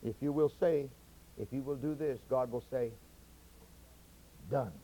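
A man preaching a sermon to his congregation, moving between quiet teaching and loud, fervent passages where he stretches key words. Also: mid-range voice, steady tone, normal speed, slight background noise, poor audio.

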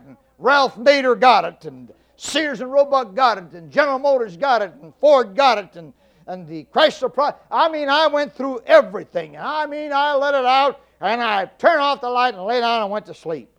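A middle-aged man giving a humorous storytelling speech, folksy and animated, stammering and repeating himself for effect. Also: extremely high pitch, normal speed. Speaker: public speaker.

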